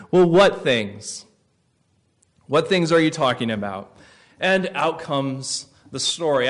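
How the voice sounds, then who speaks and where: A male pastor giving a sermon, telling the story vividly and dropping to soft, slow phrases for effect. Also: medium pitch.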